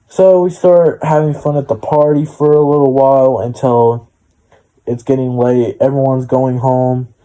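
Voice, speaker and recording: A man's voice: medium pitch, mellow, rough recording. A young man telling a personal story in a casual vlog, rambling and full of "I was like" and "she's like". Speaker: storytime vlogger.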